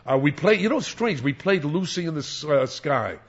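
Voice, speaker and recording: An older man, a former radio disc jockey, reminiscing in an interview in a rambling, animated way with many restarts. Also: a little high, brisk, breathy edge. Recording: dull lo-fi recording.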